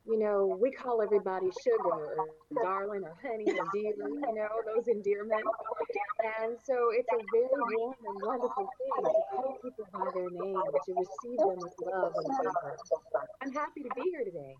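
A woman's voice: mid-range voice, moderate pace, lo-fi sound, heavy background noise. Effusive woman with a Southern accent. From southeastern United States. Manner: effusive, uses lush descriptive words. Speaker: guest. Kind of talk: casual interview chat.

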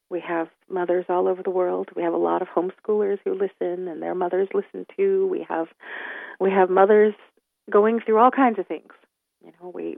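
A woman's voice: lowish voice, vocal fry, no room sound. A woman hosting a radio talk show, speaking in an earnest, heartfelt way. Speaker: host. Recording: tinny phone-like line.

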